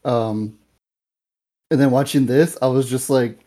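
Young male podcast co-host, relaxed dark tone, loose and filler-heavy. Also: mid-range voice, measured pace. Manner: rambling, filler-heavy, animated retelling. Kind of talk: casual movie review chat.

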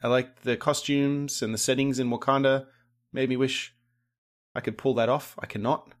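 A man's voice: medium pitch, fairly even intonation, moderate pace. A man in casual conversation about movies, laughing often and acting out quoted lines. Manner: laughs often, tells theories with mock quotes.

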